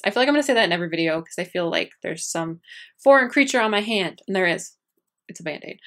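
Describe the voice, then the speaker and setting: A woman's voice: medium pitch, fairly bright tone. A young woman beauty vlogger chatting casually to her viewers, gushing and rambling with many fillers and restarts. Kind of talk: casual chat to camera.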